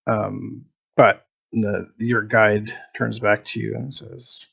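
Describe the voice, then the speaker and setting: Slow, gravelly game master narrating. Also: male voice, fairly low pitch, level tone, a bit bright, no echo. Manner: measured, describing scenes and asking for rolls.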